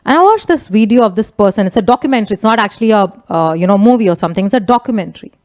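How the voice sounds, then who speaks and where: A woman's voice: mid-range voice, very fast. A middle-aged woman with an Indian English accent giving a chatty motivational talk, slipping into Hindi phrases. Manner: animated, conversational, mixes Hindi phrases. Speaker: motivational speaker, business leader.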